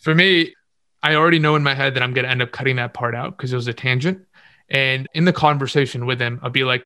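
A man's voice: medium pitch, steady tone, fast, pushed and bright, no room sound, clean studio sound. A man speaking as a podcast guest, giving confident, instructive advice in casual interview talk and repeating words for stress.

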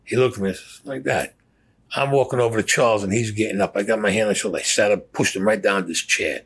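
A man's voice: lowish voice, quick pace, fairly bright tone, slightly rough. An older man telling a crime story in a blunt, profane, matter-of-fact way.

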